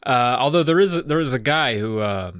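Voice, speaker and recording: A male stand-up comedian co-hosting a podcast recaps a book and tells stories in a rambling, profane, laid-back chat. His mid-range voice is lively, fairly quick, fairly bright, clear, and resonant, captured with clean studio sound and no echo.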